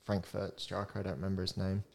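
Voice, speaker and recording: A man's voice: low-pitched, completely flat delivery, fast, vocal fry. A young man hosting a casual podcast chat, reading out score predictions and laughing often. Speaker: podcast host.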